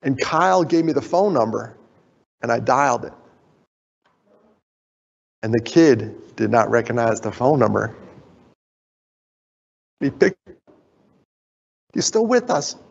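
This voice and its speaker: A husky man with a gravelly edge tells stories to a conference audience and animatedly acts out the people he quotes. His voice carries a long hall reverb, and the recording sounds muffled and dull. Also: medium pitch, animated, measured pace, pauses often. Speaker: conference speaker. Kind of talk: storytelling conference talk.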